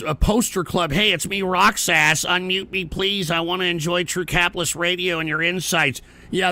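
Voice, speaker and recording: A man with a high, gravelly, pushed and bright voice hosts a live-stream show, ranting in casual, profane, combative commentary. He talks back to viewers who send messages, mocking them.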